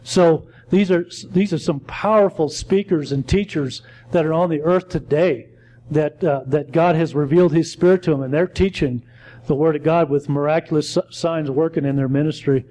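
A man teaching a Bible study in a halting way, often stumbling and correcting himself as he reads and explains. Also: on the high side, fairly even intonation, warm tone, rough recording.

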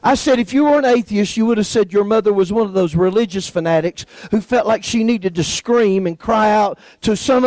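A man's voice: high voice, a little mellow, no room sound, low-quality recording. A man preaching, telling a personal story and acting out the people in it. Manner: folksy storyteller acting out quoted voices. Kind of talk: sermon testimony storytelling.

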